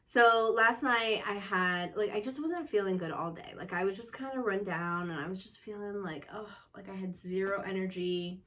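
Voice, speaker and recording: Chatty young mom rambling to camera. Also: female voice, mid-range voice, normal speed, few pauses, sharp tone. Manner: chatty, rambling, many fillers. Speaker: vlogger. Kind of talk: casual chat to camera. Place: upstairs room at home.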